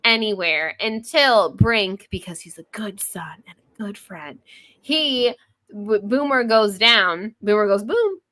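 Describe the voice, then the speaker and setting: A woman's voice: medium pitch, takes it slowly. A woman in her thirties co-hosting a podcast, chatting casually and acting out quotes with laughs. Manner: animated, laughing, acts out quotes. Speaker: podcast co-host. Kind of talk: casual chat.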